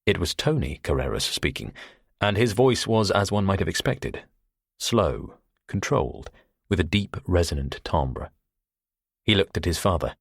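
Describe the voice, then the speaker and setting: A man narrating a thriller audiobook in the first person, with measured storytelling. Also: low voice, sing-song, gravelly, breathy edge, no echo, clean studio sound.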